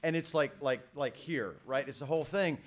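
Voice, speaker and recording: A man on a press conference panel telling a story about acting, animated, swearing and repeating words. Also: a little high, normal speed.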